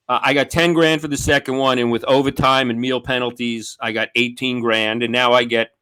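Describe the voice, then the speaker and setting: A man's voice: mid-range voice, pushed and bright. A man with a New York accent telling a story animatedly on a video call, swearing and acting out quoted voices. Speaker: comedian guest. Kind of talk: casual storytelling chat.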